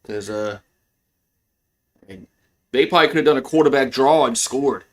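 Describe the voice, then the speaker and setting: A man hosts live play-by-play from a fan's perspective: profane, excitable, grumbling off to the side, then shouting when a big play lands. Mid-range voice, moderate pace.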